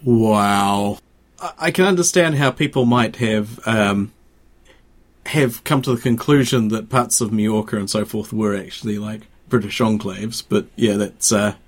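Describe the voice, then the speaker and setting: A man's voice: on the low side, a little slow. A man co-hosting a casual podcast chat, laughing often and rambling with fillers. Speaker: podcast co-host.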